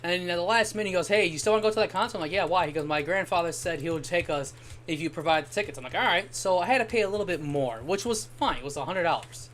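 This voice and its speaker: A man's voice: high voice, very fast, a bit bright, slight background noise. A young man chatting casually while streaming a game, telling long rambling stories and swearing now and then. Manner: rambling anecdotal storytelling, occasional swearing. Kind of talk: casual gaming stream chat.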